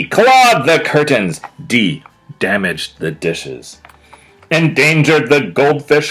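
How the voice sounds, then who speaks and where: A man, a children's author, reading his own picture book aloud to young listeners, stretching words for emphasis and stopping to explain words in a chatty way. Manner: animated storyteller with big pitch swings and drawn-out emphasis.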